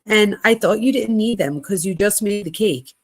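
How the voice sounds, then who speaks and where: A woman at a middle pitch reads text messages aloud for a true crime channel. She keeps it conversational and plain, dropping quick asides between the texts rather than acting out the senders. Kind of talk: reading text messages aloud with casual commentary.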